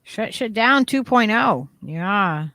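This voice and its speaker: A woman's voice: mid-range voice, expressive, takes it slowly, fairly bright tone, dry recording. A woman hosting a casual chat, talking loosely with lots of "like" and free swearing. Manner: casual, frequent "like", swears freely. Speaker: host.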